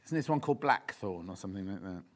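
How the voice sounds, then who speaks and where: This man talks fast in a low voice with lively intonation. As host of a live shopping channel broadcast in a TV studio, he shows fabrics while chatting and gossiping with real enthusiasm.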